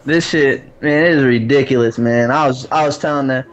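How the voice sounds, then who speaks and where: A man in casual, profane chat, telling an animated, salty story about losing a tournament. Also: mid-range voice, a little fast, highs cut off.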